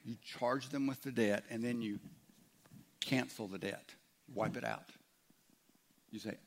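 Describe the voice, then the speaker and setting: A man's voice: mid-range voice, unhurried, creaky, pauses often. A man preaching a conversational sermon as a pastor, voicing imagined objections from his listeners.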